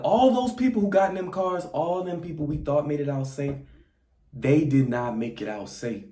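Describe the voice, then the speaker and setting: A young man casually recapping a movie, acting out the characters' lines in quick voices. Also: mid-range voice, a little mellow. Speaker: movie reviewer. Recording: echoey room.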